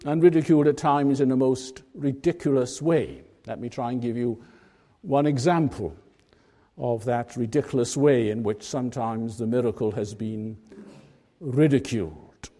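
A man preaching a sermon, telling a story in a measured way and stressing key words with emphasis. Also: medium pitch, warm tone.

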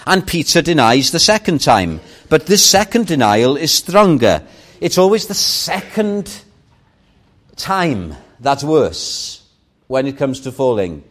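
A man whose first language is Welsh preaches a Sunday morning sermon. His voice is a little high, and he tells stories slowly and expressively, leaning hard on key words.

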